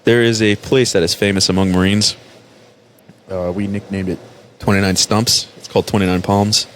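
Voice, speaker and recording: Profane, animated man telling stories. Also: lowish voice, normal speed, slight background noise. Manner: profane, animated storyteller, laughs often. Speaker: podcast host, former Marine. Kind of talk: casual chat, storytelling.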